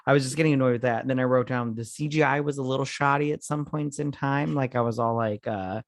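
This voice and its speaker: A man's voice: mid-range voice, fairly even intonation, fast talker, dry recording, clean studio sound. A man co-hosting a casual, tipsy movie review podcast, rambling and swearing with lots of fillers as he drinks. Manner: rambling, profane, filler-heavy. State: drinking while talking. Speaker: podcast co-host.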